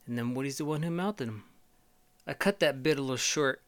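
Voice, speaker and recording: Casting: man, solo comedy host, profane rambling riffs, bright crisp voice. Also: medium pitch. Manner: profane, rambling, halting with fillers. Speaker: podcast host.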